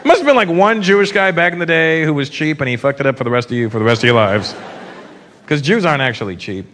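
A man performing a stand-up comedy set on a theater stage in an animated, mocking way, often slipping into impressions. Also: on the high side, fast. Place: theater stage before a live audience. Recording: live show with loud crowd and noise. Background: loud audience laughter.

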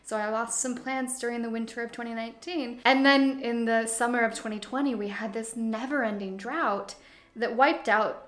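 A woman's voice: a little high, normal speed. Chatty young woman in an echoey room. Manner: chatty and animated, swings between cozy hush and excited outbursts. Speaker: plant YouTuber. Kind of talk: casual plant tour vlog. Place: living room full of plants.

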